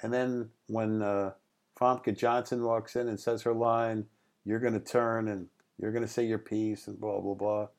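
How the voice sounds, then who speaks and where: Guesting on an interview, a middle-aged man who directs films spins anecdotes with a low-ish voice, speaking a little slowly. He's a lively storyteller who acts out quotes and laughs a lot.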